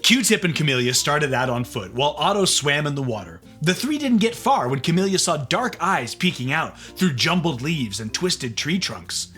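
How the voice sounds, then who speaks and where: A narrator reading a children's storybook aloud. The delivery is expressive, moving freely up and down in pitch. The tone is bright. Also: normal speed, hardly any pauses, faint music behind.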